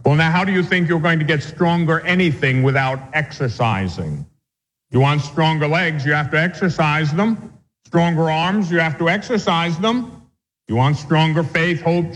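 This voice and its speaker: A man's voice: fairly high pitch, normal speed, a bit bright. A male Catholic priest teaching a catechism class, reading definitions aloud and then explaining them with homely examples. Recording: long hall reverb.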